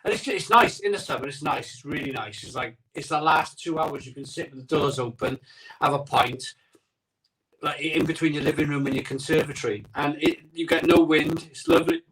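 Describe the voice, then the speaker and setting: A man's voice: on the high side, moderate pace, a bit bright, far from the mic, low-quality recording. A man hosting a live stream from his home conservatory, rambling and chatting casually while greeting viewers, recorded on an iPhone. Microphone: iPhone microphone.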